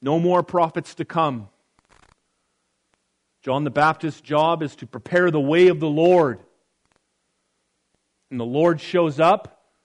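Male pastor, slightly higher voice, conversational preacher who reads scripture and adds asides. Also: slow pace, pauses often. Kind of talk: sermon.

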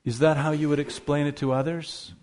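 A man's voice: on the high side, flat delivery, fairly quick, darkish tone. A man preaching a sermon, emphatic, asking rhetorical questions and stressing key words.

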